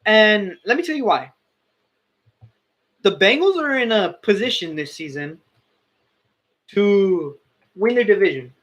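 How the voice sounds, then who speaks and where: A man's voice: sits high, animated, a little slow, pauses often, fairly bright tone. A young man giving casual, opinionated sports commentary, often correcting and restarting himself.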